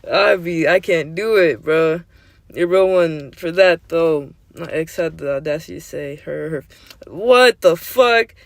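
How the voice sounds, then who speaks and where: A man's voice: fairly high pitch, steady tone, a little slow, creaky, no echo. A young man in his twenties hosting a podcast, talking in casual chat with slangy, profane language that gets heated. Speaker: podcast host.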